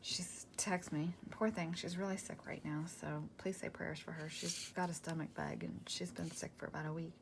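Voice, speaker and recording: Lower-voiced woman rambling over crafts. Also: steady tone, fairly quick, creaky, hardly any pauses. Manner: rambling storyteller, drops to a soft near-whisper over her work. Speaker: craft vlogger. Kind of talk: casual chat while crafting. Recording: paper crinkling noise in the background.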